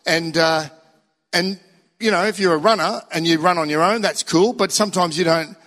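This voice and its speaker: An older man preaching a sermon as pastor, animated, acting out inner voices and a song leader. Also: high-pitched, moderate pace. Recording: long hall reverb.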